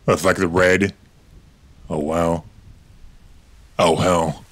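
A man with a low, steady, fairly bright voice speaks extremely slowly. He's a gaming video creator giving casual, rambling let's-play commentary as he plays, swearing now and then.

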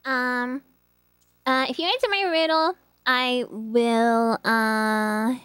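A woman's voice: a little high, steady tone, takes it slowly, fairly bright tone, clear, resonant tone, dry recording, clean studio sound. A woman streaming a game in casual chat, giggling and rambling as she reads riddles aloud.

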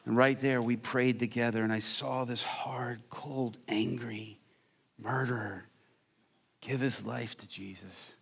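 A man's voice: medium pitch, steady tone, slow, creaky, a bit bright, slightly rough. A male preacher telling a story in a sermon, acting out the people he quotes.

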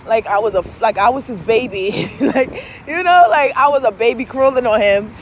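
A young adult woman vlogging, telling a candid story in casual talk, swearing freely and laughing, her pitch jumping up high and dropping low. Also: animated, normal speed, a little hiss or hum.

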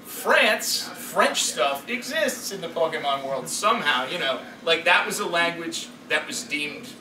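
A man who directs and performs voices, telling stories at a convention panel in a rambling, animated way. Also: on the high side, unhurried. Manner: animated, rambling storytelling with frequent fillers. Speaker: voice director and voice actor. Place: convention hall. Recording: echoey hall from far off, noisy.

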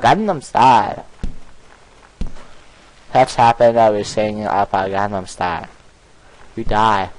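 A man giving let's-play commentary, excitable and playful, bursting into shouts and giggles in broken English. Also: lowish voice, slow, long pauses, noisy background. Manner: broken, ungrammatical English phrasing. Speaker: gaming commentator.

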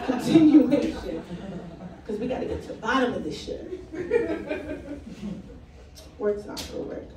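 A woman from Brooklyn doing a stand-up set on a comedy club stage, telling stories in a blunt, profane way. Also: high voice. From Brooklyn, New York. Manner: blunt, profane, animated storytelling. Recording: echoey club, mic heard from a distance, crowd laughter.

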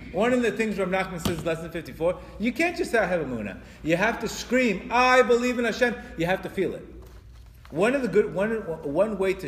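A man giving a spiritual lecture to an audience. He talks in an animated way, stumbles through restarts and acts out quoted voices. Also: on the high side. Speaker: religious teacher. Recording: echoey hall with long reverb.

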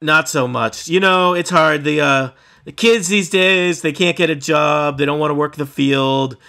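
A man voicing a gruff, weary small-town woman sheriff, drawling and world-weary. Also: on the high side, unhurried, pushed and bright, full character voice.

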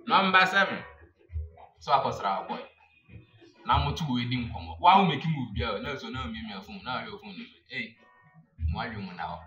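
A man with a Ghanaian accent giving comic advice as a video host, excitable, with bursts of loud exclamation. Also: mid-range voice, normal speed, long pauses, recorded from a distance, lo-fi sound. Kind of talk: animated comic advice monologue. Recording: roomy echo, off-mic, music behind.

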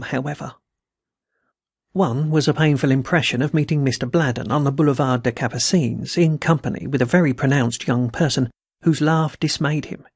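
A man hosting a podcast, reading adventure and dark stories aloud in a measured, steady way. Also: medium pitch, vocal fry, slightly rough, no room sound, clean studio sound. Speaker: podcast story reader.

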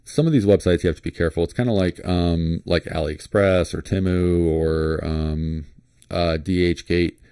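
Deep-voiced and from Florida, this flashlight vlogger offers casual screen-share commentary as he browses, with a mellow, unhurried, clear and resonant tone. He rambles and restarts, relaxed and thinking aloud, with plenty of fillers and little hums. It's a dry, close recording with no room around it.

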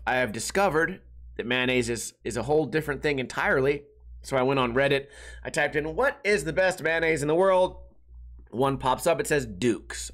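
A man's voice: on the high side, a bit bright. Profane, rambling male podcast host. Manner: rambling, profane, acts out people he quotes. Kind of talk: casual solo storytelling monologue.

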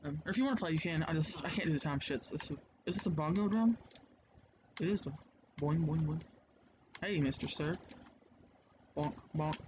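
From his home, a man hosts a let's play with casual gameplay commentary, loose chatter, and free swearing. His voice is fairly high, his pace moderate with long pauses, and the lo-fi mic sounds dull and noticeably noisy.

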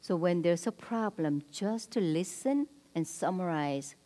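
A woman leading a marriage seminar at a church, speaking directly and prompting the audience with quick cues. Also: lowish voice, lively intonation, dark tone. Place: church hall. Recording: long hall reverb.

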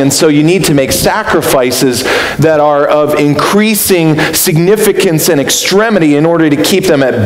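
A man preaching a sermon as pastor, earnest and reflective, lifting his voice high for emphasis. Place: church sanctuary. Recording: roomy echo with faint hiss.

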